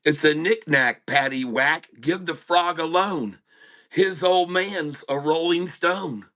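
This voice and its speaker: Bank boss, male, blunt and brisk, bright tone; a man voices him. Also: mid-range voice, fairly even intonation, lightly acted.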